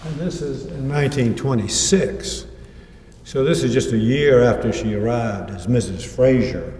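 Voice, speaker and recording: A man's voice: medium pitch, measured pace, mellow, slight background noise. Man lecturing in an echoey hall. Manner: anecdotal, quotes people in his own voice. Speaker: author giving a talk. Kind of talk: lecture with slides. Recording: echoey hall, mic far off.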